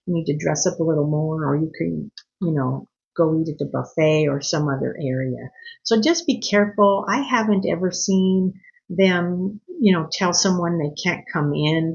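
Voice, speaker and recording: A woman's voice: low-pitched, vocal fry, highs cut off. A woman talking casually to her viewers, giving earnest, slightly scolding etiquette advice with chatty asides. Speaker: cruise vlogger. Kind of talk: casual advice talk to camera.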